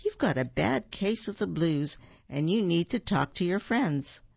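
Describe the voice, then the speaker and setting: A bouncy, kind-hearted squirrel from a storybook chirps up eagerly to comfort a friend, as a reader puts her on. Her voice sits higher, with a gravelly edge. The sound is muffled and dry. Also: expressive, measured pace, dry recording, exaggerated voice. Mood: caring.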